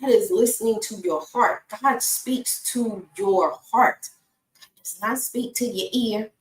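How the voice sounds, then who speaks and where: A woman's voice: medium pitch, a little slow, distant mic. A woman giving a casual faith talk, chatting straight to her viewers and breaking off now and then to talk to her dog. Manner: conversational, talks to her dog between points. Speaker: inspirational speaker. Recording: echoey room, away from the mic.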